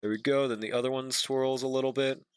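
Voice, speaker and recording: A man's voice: medium pitch, fairly even intonation, fast, clear, resonant tone, no room sound, clean studio sound. A young man streaming as he draws, chatting casually with viewers and swearing freely. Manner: laid-back, swears often, talks to chat. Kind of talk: casual stream chat while drawing.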